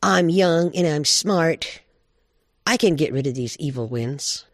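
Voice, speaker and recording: An eager young male bobcat begs to be chosen, as a man puts him on. The voice jumps high and pleading. The sound is dry and close. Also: expressive, takes it slowly, no room sound.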